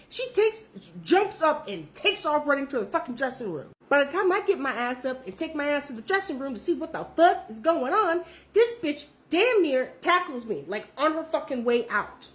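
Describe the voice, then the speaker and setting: A woman telling a story in a casual, profane, animated way, with her voice jumping up when she quotes people. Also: brisk, hardly any pauses. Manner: animated, profane, jumps high when quoting others.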